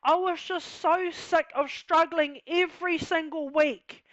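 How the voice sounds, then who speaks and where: A woman's voice: extremely high pitch, steady tone, measured pace, a bit bright, no echo. A woman with a New Zealand accent telling her own life story in a candid, heartfelt, casual way, full of "you know" and "like". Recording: dull lo-fi sound.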